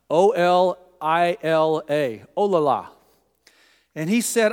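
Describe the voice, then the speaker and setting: A man preaching a sermon, telling folksy stories and acting out the people he quotes. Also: high-pitched. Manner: folksy, anecdotal, acts out quoted voices. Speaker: pastor. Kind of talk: sermon with storytelling. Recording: long hall reverb.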